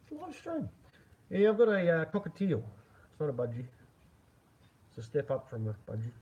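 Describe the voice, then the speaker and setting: A man's voice: a little high, huge pitch swings, brisk, a little mellow, husky. A man chatting casually on a live stream, rambling and chuckling with lots of fillers. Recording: dull lo-fi with faint noise.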